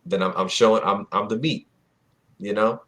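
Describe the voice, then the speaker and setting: A man co-hosting a casual podcast chat, animated and laughing, acting out little scenes. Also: lowish voice, normal speed. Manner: animated, acts out dialogue, laughs often. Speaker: podcast co-host.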